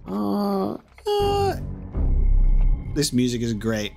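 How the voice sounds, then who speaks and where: A man giving casual, chatty let's-play commentary, thinking out loud and poking fun at himself. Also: mid-range voice, expressive, a little slow. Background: game music.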